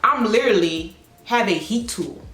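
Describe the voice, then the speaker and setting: A woman hair stylist telling a story at home in a sassy, blunt, animated way. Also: mid-range voice, normal speed. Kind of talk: casual storytime vlog. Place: her home. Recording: echoey room with faint music.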